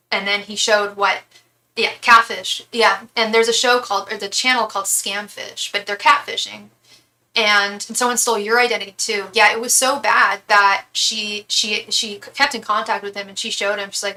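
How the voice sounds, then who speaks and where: A woman's voice: medium pitch, flat delivery, a little fast, pushed and bright, low-quality recording. A young woman doing a live tarot reading, chatty and candid, swearing freely and restarting her sentences often. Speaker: tarot reader.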